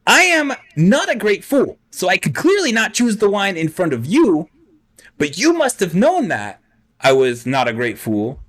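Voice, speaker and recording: A man putting on a high, louder voice as a pompous bald schemer who boasts of his brains and reasons in circles aloud. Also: huge pitch swings, measured pace, heavily acted. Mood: scheming. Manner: smug, lofty, talks himself in circles.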